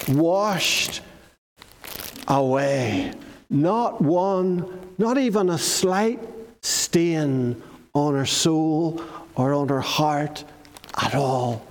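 Brief: man leading a children's talk, slow and high-pitched, reverberant hall. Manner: storytelling, asks the children questions.

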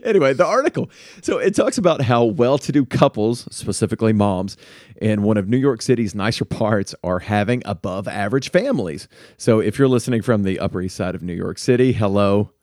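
A man's voice: lowish voice, expressive, brisk, darkish tone, dry recording, studio quality. A man hosting a podcast in casual chat, playful and teasing. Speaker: podcast host.

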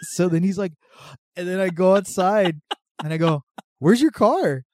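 A man tells a prank story in relaxed chat, switching voices as he plays each person in it. His pitch jumps around, and the close microphone leaves almost no room sound. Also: moderate pace, no room sound. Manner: animated storyteller acting out both sides of a prank. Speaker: podcast guest telling stories. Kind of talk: casual chat.

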